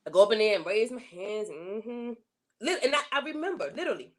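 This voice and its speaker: A woman's voice: animated, brisk. Woman guest, faith testimony, earnest, emotional, repeats herself for emphasis. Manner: earnest, emotional storytelling with repetition; rises in pitch when voicing her complaints to God. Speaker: interview guest.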